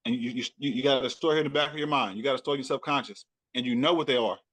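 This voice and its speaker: A man with a Southern US accent, a rapper talking loosely and repeating himself in a relaxed interview chat. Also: mid-range voice, racing. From Texas. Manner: loose, repetitive, laughing often. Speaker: rapper and podcaster guest. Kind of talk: casual chat.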